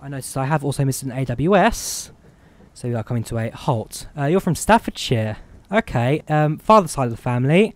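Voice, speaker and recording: A man's voice: medium pitch, lively intonation, fairly quick, dry recording. A young man with a mix of Midlands and Eastern European accents, chatting casually and rambling as he streams a train simulator. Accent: Midlands English mixed with Eastern European. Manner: chatty, rambling, self-deprecating. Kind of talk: casual gameplay commentary.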